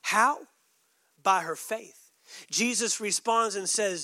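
A male pastor preaching a sermon, emphatic, dropping suddenly soft and adding joking asides to the congregation. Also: sits high, slow pace, pauses often, dry recording, clean studio sound.

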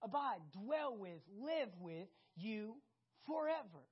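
A woman preaching a sermon, animated and conversational, often asking the congregation questions. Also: a little high, takes it slowly, husky, dull audio.

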